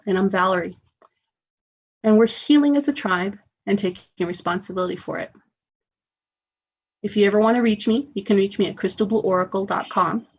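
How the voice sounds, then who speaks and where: A woman's voice: mid-range voice, breathy edge, highs cut off. A woman hosting a spiritual self-help radio show, talking in an earnest, encouraging way.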